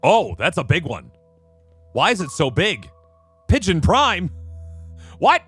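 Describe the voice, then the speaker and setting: A man's voice: high voice, huge pitch swings, slow, a bit bright, husky. A man streaming a video game, chatting playfully and reacting to what he sees. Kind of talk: let's play commentary. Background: faint game music.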